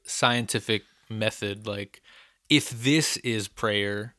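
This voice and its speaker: A man's voice: lowish voice, pushed and bright, dry recording, clean studio sound. A man co-hosting a podcast, chatting casually and easygoing about prayer. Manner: easygoing, quick to laugh along. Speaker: podcast co-host. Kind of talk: casual faith chat.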